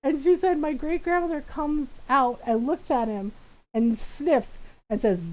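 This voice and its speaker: A woman's voice: high voice, a little slow, low-quality recording. A woman live-streaming, chatting casually while she games, laughing often and acting out the voices of the people in her stories. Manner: animated, acts out family members' voices. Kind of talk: casual chat while gaming.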